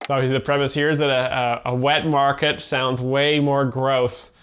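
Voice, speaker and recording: A man hosting and explaining jokes in a flat, deadpan, hesitant commentary. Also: mid-range voice, unhurried, slight background noise. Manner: flat, hesitant, full of fillers. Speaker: host and joke explainer.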